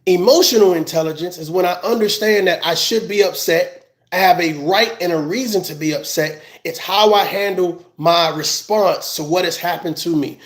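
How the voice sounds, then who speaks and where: A man giving a heated, scolding commentary rant, loud and emphatic, often laughing as he talks. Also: sits high, moderate pace, roomy sound. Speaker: commentary vlogger.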